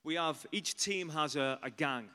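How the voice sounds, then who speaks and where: A man preaching in a loose storytelling way, full of "you know" asides and animated turns. His voice sits fairly high for a man, and the sound rings with a long hall reverb. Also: a little slow, smooth. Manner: chatty, animated, many asides. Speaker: pastor. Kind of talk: storytelling sermon.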